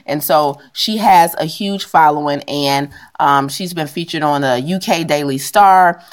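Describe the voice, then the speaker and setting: Lively woman podcast co-host. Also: sits low, a little slow. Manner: animated, laughs a lot, retells stories with voices. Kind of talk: casual chat.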